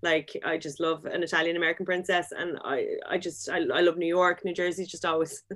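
A woman's voice: fairly low pitch, fairly even intonation, brisk, fairly bright tone. A young woman chatting casually about reality TV, gushing and giggly, often laughing mid-sentence. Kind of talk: casual chat.

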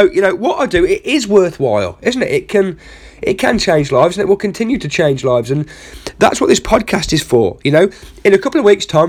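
A man hosting a comedy podcast, telling a rambling, self-mocking story full of asides. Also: a little high. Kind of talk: comic storytelling monologue.

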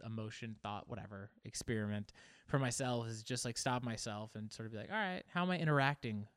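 A man talks in a casual, reflective monologue and muses aloud as he feels his way toward each thought. His voice is smooth and resonant, at a middle pitch. The recording is close and dry, with no room echo. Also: a little fast, fairly bright tone. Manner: musing, searching for words aloud.

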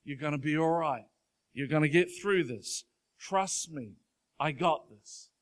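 A pastor voicing God, gentle and reassuring. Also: male voice, a little high, a little slow, close to an everyday voice.

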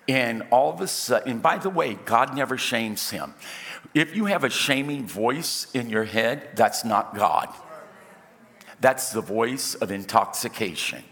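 A man's voice: medium pitch, unhurried, creaky. A middle-aged male pastor preaching a sermon, acting out dialogue and joking with the congregation. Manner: animated preacher, acts out dialogue and jokes with the crowd. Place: church auditorium. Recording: long hall reverb.

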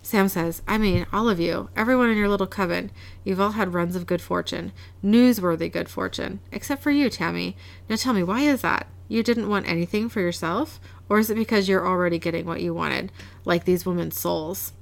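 Low-pitched and brisk, with vocal fry and a steady tone, this woman co-hosts a podcast and casually recaps a TV episode. She reads scenes aloud, quotes what characters say, and laughs a lot along the way.

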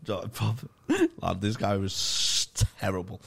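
A man's voice: fairly low pitch, huge pitch swings, measured pace, gravelly, a bit bright, slightly rough. A male stand-up comedian, swearing freely as he tells a story in casual podcast chat.

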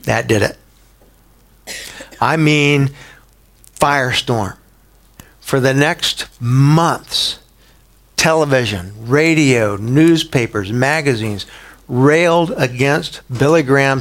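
A man preaching a sermon in a conversational way, asking the listeners rhetorical questions and rising sharply in pitch for emphasis. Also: slow pace, pauses often, a bit bright. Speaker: pastor.

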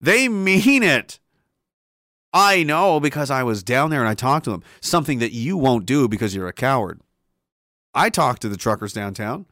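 A man hosts a livestream and rants with heat and plenty of swearing, circling back over the same words. His voice sits at an ordinary middle pitch. The sound is dry and close. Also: sing-song, normal speed, pushed and bright, no room sound. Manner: heated, profane, repetitive. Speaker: livestream host. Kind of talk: ranting livestream commentary.

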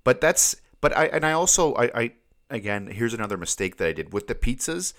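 A man's voice: medium pitch, big pitch swings, fairly quick, fairly bright tone. A man in casual podcast chat who rambles, stammers over repeated words and laughs often.

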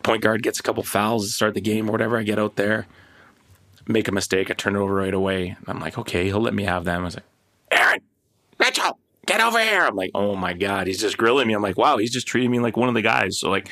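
A middle-aged Canadian man, a podcast host now being interviewed, telling rambling, animated stories in casual chat. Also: on the low side, quick pace. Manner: rambling, animated anecdotes with many fillers.

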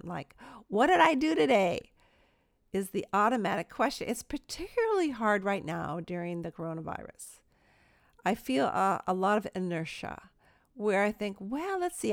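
Earnest woman with a creaky voice. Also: mid-range voice, no room sound, clean studio sound. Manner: earnest, self-deprecating, lively storytelling. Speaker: Christian speaker. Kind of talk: devotional talk.

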